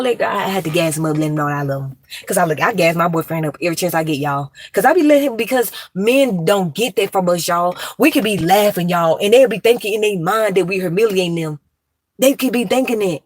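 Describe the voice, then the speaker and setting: A woman's voice: fairly low pitch, lively intonation, a little fast, no echo. Profane, ranting woman in her thirties. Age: 30s. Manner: profane, emphatic, repetitive. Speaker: vlogger. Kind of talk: ranting monologue to viewers.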